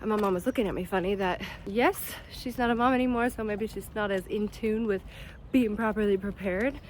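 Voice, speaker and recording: A woman's voice: medium pitch, brisk, a little mellow, slight background noise. A Canadian woman in her thirties chatting casually to camera in a vlog, laughing often and dropping German words into her English. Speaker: vlogger, mother.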